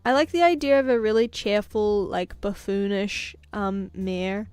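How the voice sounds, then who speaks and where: A woman's voice: medium pitch, measured pace, a little mellow, smooth, no echo, faint music behind. A woman art streamer with a non-American English accent chatting casually and jokily while she draws. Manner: chatty, rambling, jokey, with frequent laughs and fillers. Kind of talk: casual live-stream chat while drawing.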